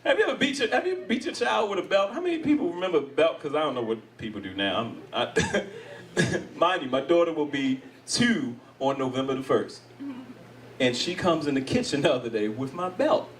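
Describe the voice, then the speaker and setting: His voice is on the high side and fairly quick, recorded from a distance. He's a middle-aged American stand-up doing crowd work at a live venue, animated, laughing often and voicing other characters.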